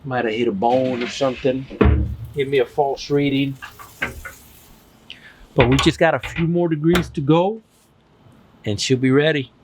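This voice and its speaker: An easygoing man talks slowly and warmly to his viewers as he carves and tastes food at an outdoor grill. His voice sits at an ordinary middle pitch, and he lingers over words with relaxed enthusiasm. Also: music in the background. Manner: slow, relaxed and enthusiastic, addressing viewers as guys. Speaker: barbecue channel host. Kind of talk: casual cooking video talk to camera.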